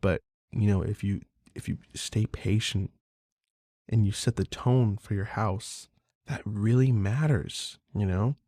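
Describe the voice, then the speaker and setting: A man's voice: fairly low pitch, a little slow, warm tone, no echo, studio quality. A man hosting a podcast in a casual, candid monologue, swearing freely and talking loosely. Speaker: podcast host.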